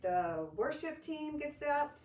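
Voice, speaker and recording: A ministry director appearing as a guest tells a story in a high, slow voice, chatting casually and acting out what other people said. She's an animated storyteller, recorded in a church studio or room on a distant mic with echo and faint hiss.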